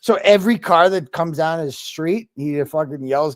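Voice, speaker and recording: A man's voice: a little high, moderate pace, no echo, studio quality. A man telling a story with a lot of swearing, in a casual chat over a video call. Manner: animated storytelling, frequent swearing. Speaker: guest.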